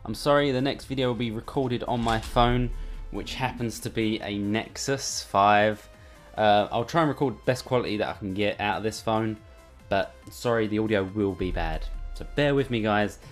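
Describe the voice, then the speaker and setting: A man's voice: fairly low pitch, normal speed, few pauses, faint music behind. A man chatting casually and irreverently while unboxing gear in a bedroom at home. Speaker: hardware reviewer. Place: bedroom at home under a studio light.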